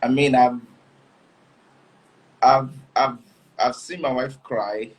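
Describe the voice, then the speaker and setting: Husky man, halting and reflective. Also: medium pitch, steady tone, poor audio. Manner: halting, many restarts and laughs. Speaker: guest, husband. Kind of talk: casual interview chat.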